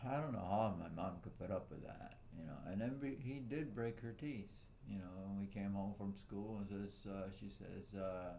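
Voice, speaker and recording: A Puerto Rican man with a fairly low, gravelly voice talks his way through a loose personal monologue. He wanders, leans on "you know," and chuckles between thoughts. A faint hiss sits behind him. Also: normal speed, few pauses, mellow. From Puerto Rico. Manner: meandering, many "uh"s and "you know"s, chuckling often. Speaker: vlogger.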